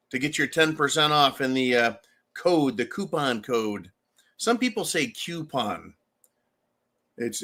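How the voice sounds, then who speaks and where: A man hosting a livestream commentary show, talking in a loud, ranting way and laughing often. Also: a little high. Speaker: show host.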